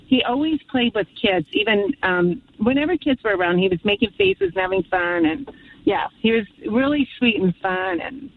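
A woman's voice: on the high side, big pitch swings, normal speed. A woman caller on a radio call-in show, reminiscing fondly about her late father, rambling and near tears. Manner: emotional, rambling, fond reminiscing. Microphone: phone. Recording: phone line.

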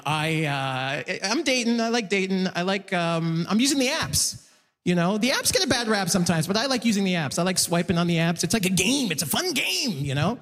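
A man performing a stand-up comedy set, animated and jumping into high excited yelps when he acts things out. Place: comedy club stage. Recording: live show in a reverberant venue.

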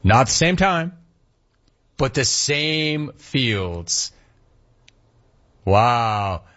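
Man, forties, from southern california, sports talk host, lively swooping pitch, slightly dull lo-fi sound. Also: drawn-out words. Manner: animated, rambling storyteller who mimics his dad. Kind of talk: casual sports talk with live chat.

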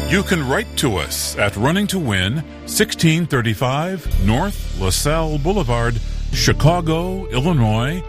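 A male radio announcer reads program details in a polished way. His pitch moves a lot. Music plays clearly under his voice. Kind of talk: scripted broadcast announcing.

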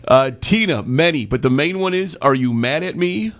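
A man's voice: fairly high pitch, lively intonation, normal speed, fairly bright tone. Playful male radio host. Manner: playful, laughing often. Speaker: radio morning show host. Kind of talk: casual radio banter reading listener texts.

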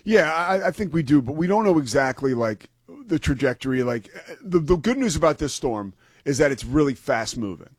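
A man's voice: fairly high pitch, animated, normal speed, breathy edge, dry recording. A man co-hosting sports radio, talking in an easygoing, rambling way with self-deprecating jokes. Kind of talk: casual sports talk.

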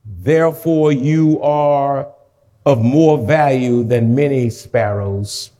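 A man preaching a sermon, reading scripture slowly and then shouting exhortations, urging the congregation to repeat after him. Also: medium pitch. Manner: swings from slow quiet reading to loud shouts.

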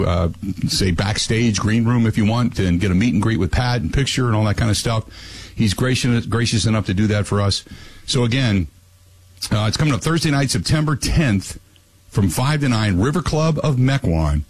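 A man hosting a radio talk show, plugging an event and then ranting, his voice climbing high when worked up. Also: a little mellow, a little hiss or hum. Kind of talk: casual radio talk and rant.

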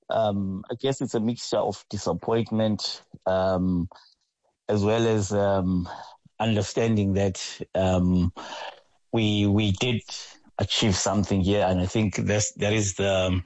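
A man from South Africa speaking as a football association spokesman in a radio interview, halting with many ums and restarts. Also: fairly low pitch, steady tone, darkish tone, no room sound. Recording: muffled lo-fi line.

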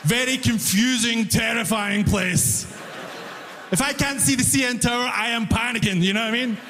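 A young man who moved to Toronto, doing a stand-up comedy set and telling an animated story with acted-out voices. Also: very high-pitched, normal speed, faint music behind. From immigrant living in Toronto. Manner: animated storytelling, acts out quoted voices, laughs often. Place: comedy venue with audience. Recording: live hall reverb, faint ambience.

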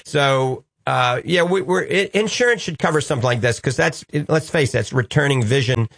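A man's voice: mid-range voice, a little fast, gravelly, a bit bright, no echo, studio quality. Upbeat New Orleans radio host man. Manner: upbeat, reassuring, jokey. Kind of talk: call-in radio chat.

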